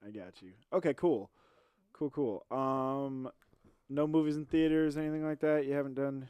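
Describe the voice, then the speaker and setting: A man on a podcast mic with a voice at a middle pitch. He teases his co-host in casual chat, often tossing his partner's words back at him. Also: normal speed, mellow, clean tone, no echo. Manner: teasing, repeats his partner's lines.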